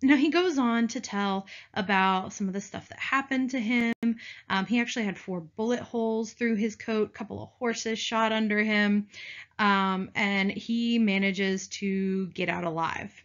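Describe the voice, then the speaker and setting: A woman's voice: mid-range voice, steady tone, unhurried, fairly bright tone. Chatty woman teacher, lo-fi sound. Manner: chatty, addresses class as "you guys", playful asides. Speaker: history teacher. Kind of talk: video lecture. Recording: dull lo-fi recording.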